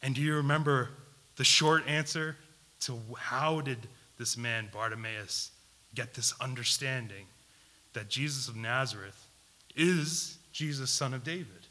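A man preaches with a medium-pitched voice at a slightly slow pace, alternating between loud and hushed delivery. He poses questions to his listeners and repeats key words for emphasis.

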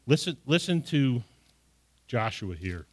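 A man's voice: mid-range voice, sing-song, takes it slowly. A middle-aged man preaching a sermon, reading scripture aloud and then explaining it with rising emphasis. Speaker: pastor.

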